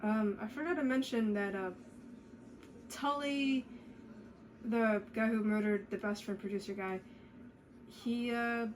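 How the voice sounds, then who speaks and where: A woman's voice: a little high, fairly even intonation, measured pace, pauses often, slight background noise, poor audio. A young woman casually commenting on a game she plays, rambling with many fillers. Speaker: let's play gamer.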